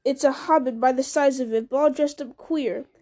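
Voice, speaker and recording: A woman doing a gruff rustic farmer, raised and hearty. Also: high-pitched, fairly even intonation, moderate pace, dark tone, natural voice. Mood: startled. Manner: blunt countrified speech.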